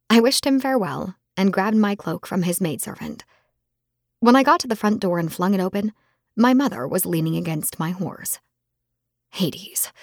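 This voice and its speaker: A woman narrating a novel in the first person, with measured, intimate storytelling. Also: mid-range voice, slightly rough, no echo, clean studio sound. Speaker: audiobook narrator.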